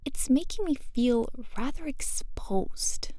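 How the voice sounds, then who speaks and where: A woman's voice: high voice, animated, slow pace, warm tone, no echo, whispered. A woman with a British accent narrating a first-person story in a wry, self-conscious tone. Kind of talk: scripted audiobook narration.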